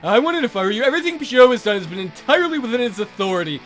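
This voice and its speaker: A man doing a blunt senior naval officer, firm and emphatic, in a bright, lively voice from a read-aloud text game. He sounds sympathetic yet resigned to the rules. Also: very high-pitched, rapid-fire, faint music behind, heavily acted.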